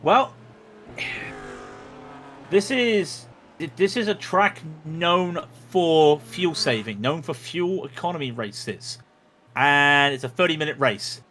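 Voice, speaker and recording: A man's voice: on the high side, fairly bright tone. A man giving chatty, jokey commentary on a sim racing livestream, with frequent restarts.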